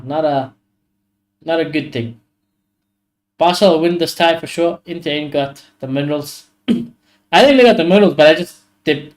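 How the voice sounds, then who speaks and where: A man with a slightly higher-pitched voice hosts a live football watchalong. He gives blunt, opinionated reactions and swears often as the match plays out. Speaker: streamer hosting a football watchalong.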